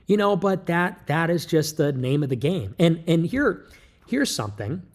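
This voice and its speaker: A man holds forth in a livestream monologue, lecturing his listeners with emphatic, joking energy. His voice sits a little high for a man. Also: big pitch swings, normal speed. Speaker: livestream commentator.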